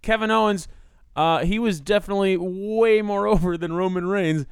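A man co-hosting a casual podcast chat, sarcastic and animated, laughing often as he talks. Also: high voice, normal speed, clear, resonant tone, no echo, studio quality. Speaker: podcast co-host.

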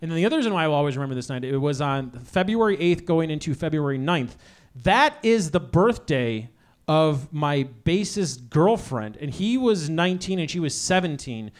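A man in his thirties hosts a comedy night, his voice sitting high for a man and leaping all over the place as he tells stories. He rambles and lands his punchlines loudly, in the manner of an animated stand-up act. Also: moderate pace. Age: 30s. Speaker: comedy show host. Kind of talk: stand-up storytelling.

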